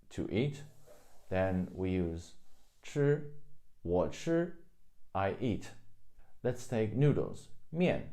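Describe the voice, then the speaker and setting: A young man teaches at an unhurried pace, patiently walking through each example and repeating words slowly. His voice is low and mellow, with a relaxed, easygoing tone. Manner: slow, patient explaining, repeats words with careful tones. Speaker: Chinese language teacher. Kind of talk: casual spoken lesson.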